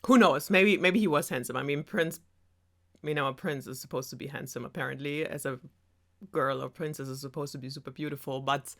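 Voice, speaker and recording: A woman's voice: low-pitched, a little fast. A German woman, a non-native English speaker, retelling a fairy tale in a sarcastic, chatty way with laughing asides. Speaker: storyteller host.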